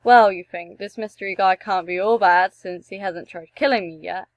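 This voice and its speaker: A young woman reading a text adventure game aloud and breaking off for joking, animated asides and the odd swear. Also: medium pitch, moderate pace, dry recording, lo-fi sound. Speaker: gameplay streamer.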